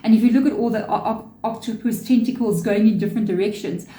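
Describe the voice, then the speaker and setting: A woman's voice: medium pitch, quick pace, mellow, roomy sound, poor audio. A woman giving a chatty, earnest tarot reading to her viewers, with spiritual asides. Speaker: tarot reader.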